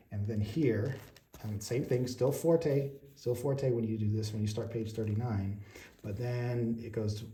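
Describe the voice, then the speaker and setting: A man's voice: mid-range voice, warm tone, a little hiss or hum. A man teaching an online music lesson, patiently explaining each step and checking in often.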